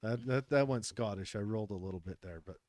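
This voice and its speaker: A man's voice: fairly low pitch, fast, darkish tone, no echo. A man co-hosting a podcast in casual chat, rambling with frequent restarts as he reads out a news story. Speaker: podcast co-host.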